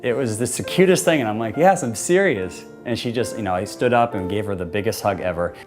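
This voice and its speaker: A man's voice: fairly low pitch, fast. A man casually telling how he proposed, talking loosely with lots of "like" and "you know" and quoting himself and his partner. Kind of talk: casual personal storytelling to camera. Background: soft guitar music.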